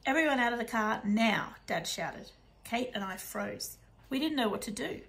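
A woman narrating a children's novel in the first person, in a hushed, soft delivery. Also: medium pitch, vocal fry, rough recording. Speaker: audiobook narrator.

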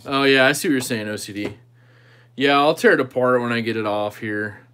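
A man's voice: mid-range voice, fairly quick, bright, forceful tone, clean tone. Easygoing man chatting with livestream viewers. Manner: easygoing, thinking aloud while tinkering with a knife. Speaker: host of a knife channel livestream. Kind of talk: casual livestream chat answering viewers.

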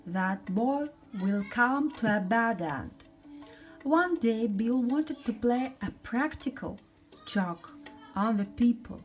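A woman with a Russian accent, an English teacher, reading a children's story aloud slowly and clearly for learners. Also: fairly high pitch. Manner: slow, clear and deliberate for learners.

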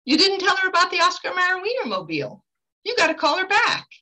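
A woman's voice: extremely high pitch, big pitch swings, a little fast, bright, forceful tone, distant mic, voice pushed up, full character voice. Woman quoting a pushy spirit man. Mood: insistent. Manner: insistent, nagging.

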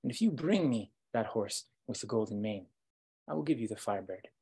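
A man voicing a scheming villain king with a husky voice, speaking slowly and threateningly. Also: fairly low pitch, animated, warm tone. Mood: menacing.

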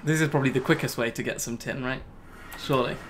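A man's voice: mid-range voice, steady tone, fast, a bit bright, slight background noise. A man giving casual Let's Play commentary, talking to himself and laughing at his own mistakes. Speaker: gaming YouTuber.

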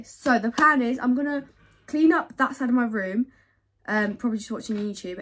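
A woman's voice: on the high side, fairly bright tone. A young woman talking casually to camera as she tidies her bedroom, rambling and correcting herself as she goes. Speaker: vlogger.

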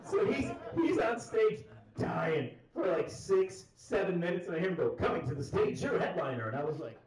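Animated stand-up comic in an echoey club. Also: male voice, moderate pace. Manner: animated, jumps into loud high voices for hecklers. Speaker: stand-up comedian. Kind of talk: stand-up storytelling. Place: comedy club stage before a live audience. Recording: roomy club sound from a distant mic, loud crowd laughter.

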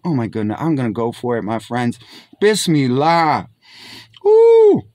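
A young man hosts a casual food review vlog, talking fast in a warm, mid-range voice with no room sound. He's enthusiastic, exclaims as he tastes, and keeps calling out "my friends."

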